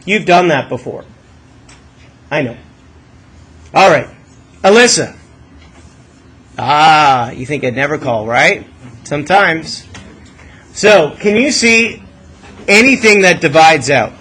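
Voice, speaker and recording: A male math teacher talks a classroom through a lesson, prodding students with questions and asking them to think out loud. His voice sits high for a man and sounds bright. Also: lively intonation, slow pace, pauses often, slightly rough, low-quality recording.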